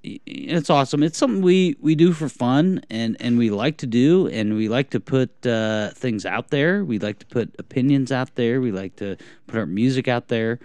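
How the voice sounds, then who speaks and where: A young man co-hosts a casual podcast, rambling along in a self-deprecating way. His pitch swings up and down with a lot of life. The sound is dry and close, with no room around it. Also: expressive, normal speed, hardly any pauses, a little mellow, no echo. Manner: rambling, self-deprecating, clears throat often. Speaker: podcast co-host. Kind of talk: casual chat.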